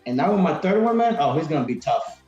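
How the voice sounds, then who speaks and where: A man's voice: fairly high pitch, big pitch swings, fast, a little mellow. A man around forty chats casually as a podcast guest. He rambles and restarts often. The sound is roomy and a little dull, with faint music under it. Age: 40s. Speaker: podcast guest, retired Marine. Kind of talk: casual interview chat.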